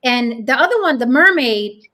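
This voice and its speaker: A woman hosting a casual podcast chat, blunt and profane, telling stories with lively quoted asides. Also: fairly high pitch, moderate pace. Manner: blunt, profane, animated storytelling. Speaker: host.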